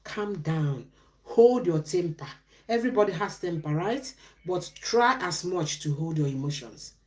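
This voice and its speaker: A woman's voice: on the low side, lively intonation, normal speed, a little mellow. A middle-aged woman, giving relationship advice on a live stream in a preachy way, asking questions and answering them herself.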